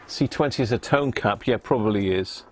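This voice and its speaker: A middle-aged Devon man with a fairly low voice speaks at a moderate pace while livestreaming a radio repair. He thinks aloud, mutters readings to himself, and chats casually with his viewers.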